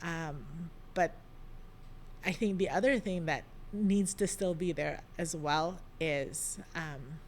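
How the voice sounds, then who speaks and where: Slow, low-voiced woman reflecting gently. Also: slight background noise. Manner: thoughtful, gentle, pauses with frequent ums. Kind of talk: reflective devotional talk.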